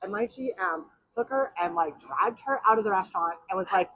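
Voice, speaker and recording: A woman podcast host and bartender telling blunt, animated bar stories in casual chat. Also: mid-range voice, a little fast, few pauses, breathy edge, rough recording. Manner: blunt and animated storyteller, swears freely.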